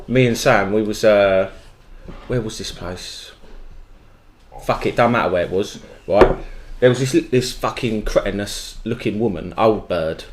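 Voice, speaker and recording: A man's voice: fairly low pitch, reverberant, background noise. A man, co-hosting a podcast and telling stories in casual, sweary chat. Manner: sweary, lively storytelling. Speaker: podcast co-host.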